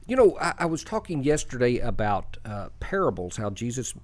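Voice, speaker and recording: A man's voice: medium pitch, very animated, fairly quick, a little hiss or hum. A man from Texas co-hosting a community radio show, telling folksy stories in a rambling, self-deprecating way with many fillers. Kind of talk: casual radio chat and storytelling.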